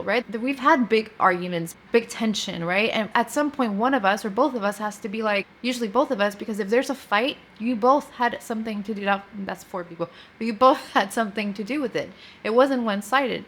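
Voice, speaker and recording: A woman in her thirties hosting a podcast, telling a personal story in a candid, confessional way and acting out her own quotes with energy. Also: medium pitch. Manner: candid, confessional, animated retelling. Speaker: podcast host.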